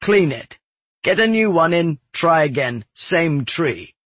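A stern caravan guard captain barks short, careful instructions, as a man reads him in a storybook. The voice is slightly husky and sits a touch high for a man. The sound is dry and close. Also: big pitch swings, slow, fairly bright tone, no echo, heavily acted. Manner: terse, instructive, carefully worded.

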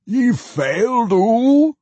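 A man voicing a wild, gruff male dwarf battle rager who barks and snorts his lines in rough dialect speech. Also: very high voice, sing-song, extremely slow, warm tone, no room sound, muffled recording, voice pushed up, full character voice.

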